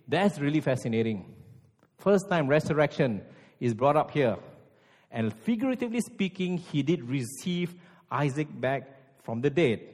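A male pastor delivers a sermon in a fairly high voice. He presses his points with rhetorical questions and sinks to a hushed intensity at key moments. His voice rings with a long hall reverb.

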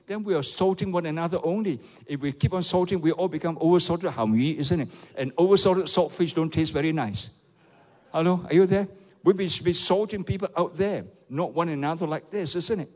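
A man's voice: fairly high pitch, a little mellow, big-room sound. A man with a Malaysian English accent, a pastor preaching a sermon and often calling on the congregation to respond. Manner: rhetorical, repeatedly asks the audience for replies.

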